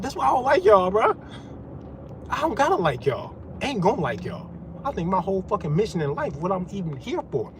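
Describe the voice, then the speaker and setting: A man's voice: high voice, poor audio. Profane, heated man ranting over noise. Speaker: vlogger. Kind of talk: ranting monologue.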